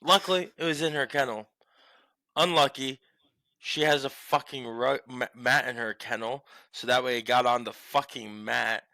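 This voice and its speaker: A young man co-hosting a casual sports podcast from home, telling stories in a rambling, profane, animated way. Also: mid-range voice, normal speed, gravelly, no room sound. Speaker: podcast co-host.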